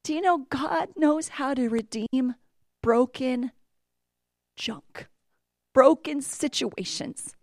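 A middle-aged woman giving a sermon to a congregation, telling stories that move between hushed asides and loud outbursts. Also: high voice, slow, long pauses, dry recording, studio quality. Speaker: church speaker and mother.

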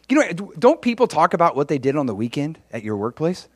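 A man delivers a sermon with a lively, swinging pitch that sits somewhat high for a man. He preaches in a casual, conversational way and slips into other voices to act out everyday exchanges. The sound is dry and close, with no room echo. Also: brisk, few pauses. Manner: acts out quoted conversations in changed voices.

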